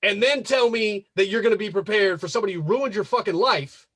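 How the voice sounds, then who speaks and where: Husky high-voiced man ranting. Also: fast talker, fairly bright tone, dry recording. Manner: emphatic, repetitive, profane. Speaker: podcast host. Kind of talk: casual podcast rant.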